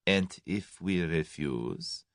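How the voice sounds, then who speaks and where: An actor voicing a cold, commanding German conspirator with a clipped, threatening delivery. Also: male voice, deep voice, expressive, moderate pace, sharp tone, no room sound, clean studio sound.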